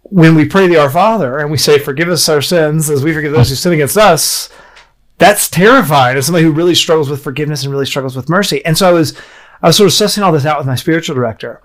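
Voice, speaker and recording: A man's voice: fairly high pitch, quick pace. A man on a podcast panel, telling stories in a casual discussion and often laughing mid-sentence.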